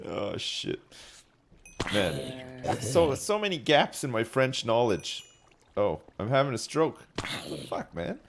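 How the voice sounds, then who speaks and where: A British man in his young adult years chats on a live game stream in an unhurried way, joking and swearing as he stumbles through French. His pitch swings widely from line to line. A faint hiss sits under his voice. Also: big pitch swings. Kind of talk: casual live-stream chat while gaming.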